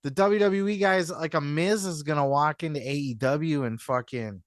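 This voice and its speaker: A man's voice: a little high, moderate pace, hardly any pauses, no room sound, clean studio sound. Rambling, profane male podcast host. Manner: rambling, profane, repeats "you know what I mean"; acts out quotes in mock voices. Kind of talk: casual commentary monologue.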